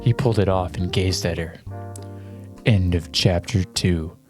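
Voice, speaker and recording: A man's voice: deep voice, fairly even intonation, measured pace, over music. A man reading fanfiction aloud in a dramatic style, breaking off for amused, flustered asides. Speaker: reader.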